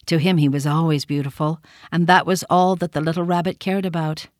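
A woman narrating a children's storybook in a gentle, measured reading. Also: deep voice, fairly even intonation, no room sound, studio quality.

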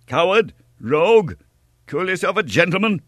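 A man voicing a hot-headed young male swordsman who shouts with fiery defiance in an audiobook story. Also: medium pitch, normal speed, dry recording, pitched above the performer's own voice, natural voice. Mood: furious.

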